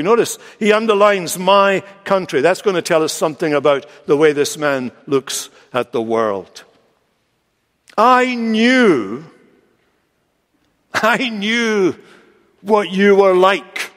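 A male pastor preaching a sermon with expressive delivery, slowing down and lifting his voice for quoted lines. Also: on the high side. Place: large church sanctuary. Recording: long church reverb.

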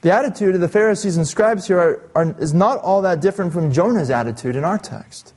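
A male pastor preaching an expository sermon, reading scripture aloud and slowing down to stress key phrases. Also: sits high, a little mellow.

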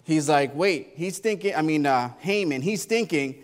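A male pastor preaching a sermon, reading scripture aloud and retelling the story in lively, colloquial asides. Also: a little high, normal speed, long reverb tail. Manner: animated, colloquial Bible storytelling.

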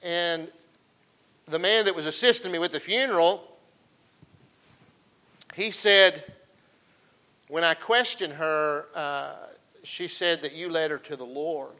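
A man delivers a folksy sermon and keeps calling out to his congregation. His voice is bright and sits a little high for a man. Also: steady tone, measured pace, pauses often, rough recording. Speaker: pastor.

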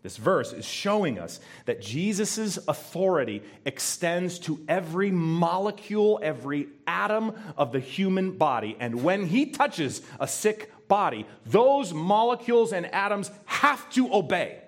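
A male pastor preaching in church, his voice climbing on key words to drive the point home. He talks straight to the congregation with questions, in an animated, emphatic delivery. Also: high-pitched, measured pace, hardly any pauses. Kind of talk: sermon.

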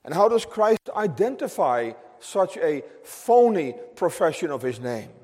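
A pastor with a strikingly high voice delivers an emphatic sermon, repeating phrases for weight as a long reverb fills the church hall. His pitch swings widely, his pace is measured, and his tone leans dark.

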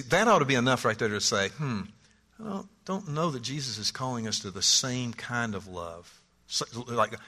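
A man's voice: mid-range voice, pushed and bright. A man teaching a Bible study class, earnest and searching, often repeating his words and putting questions to the group.

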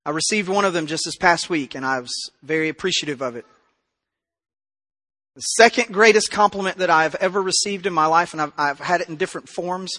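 A pastor preaching a sermon with passion, moving between loud emphasis and quiet intensity. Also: male voice, high voice. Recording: reverberant hall.

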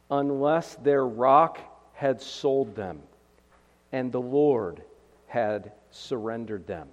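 A man's voice: medium pitch, a little mellow. A man preaching an expository sermon, earnest and emphatic, reading scripture aloud and explaining it verse by verse. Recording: long hall reverb.

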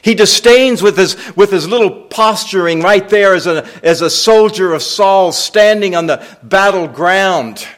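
Man, pastor, sermon, emphatic, repeats himself, rhetorical questions, slightly high voice. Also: fairly bright tone.

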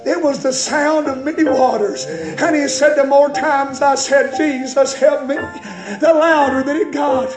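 A man preaching a sermon in a church, impassioned and building to shouts. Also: very high voice, a little slow. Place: church sanctuary. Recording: echoey church with loud music.

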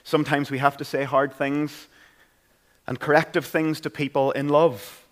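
This pastor's voice is fairly high with little pitch movement, and he speaks at normal speed. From Northern Ireland and carrying a Northern Irish accent, he preaches a sermon in a church, earnest and conversational.

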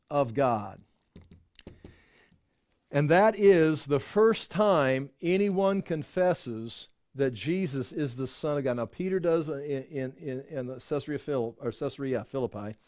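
A man's voice: on the high side, darkish tone, no room sound, clean studio sound. A man giving a conversational Bible teaching that wanders through restarts and rhetorical asides.

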